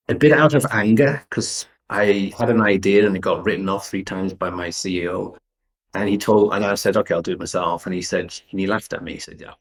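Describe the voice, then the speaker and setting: A man's voice: on the low side, low-quality recording. An English man in his fifties, a guest entrepreneur telling stories in an interview with frequent restarts. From England. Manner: animated storyteller, restarts sentences often. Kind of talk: conversational interview storytelling.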